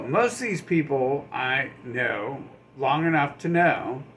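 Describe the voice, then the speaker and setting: A man's voice: on the high side, sharp tone, a little hiss or hum. A man delivering a sarcastic, profane, rambling rant, mocking people by putting on their voices. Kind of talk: ranting monologue.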